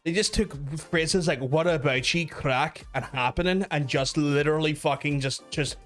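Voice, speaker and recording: A man's voice: fairly high pitch, normal speed, fairly bright tone, faint music behind. A Northern Irish man co-hosting a comedy talk show, ranting in sweary casual banter and often restarting his sentences. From Northern Ireland.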